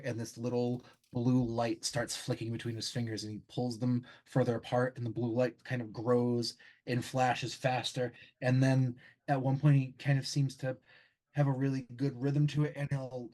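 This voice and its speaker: A man narrating as game master of a tabletop game, halting often with ums and restarts. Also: mid-range voice, a little mellow, poor audio.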